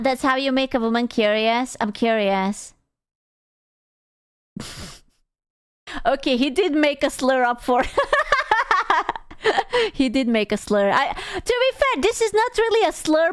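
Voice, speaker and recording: A woman's voice: high voice, clear, resonant tone, no room sound, clean studio sound. A young adult woman streaming live, chatting casually with viewers in crude, teasing banter and bursts of playful squealing.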